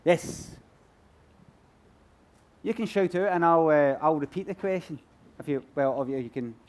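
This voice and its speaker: A man's voice: fairly high pitch, a little slow. A Glaswegian man answering audience questions on stage in a rambling, self-mocking way. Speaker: comedian guest at book festival. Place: stage at a book festival.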